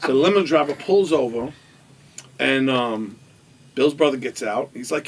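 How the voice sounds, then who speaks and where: Gravelly man telling a wild story. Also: medium pitch, measured pace, recorded from a distance, slight background noise. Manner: acts out quoted voices, laughing. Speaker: storytelling guest. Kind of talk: animated anecdote telling.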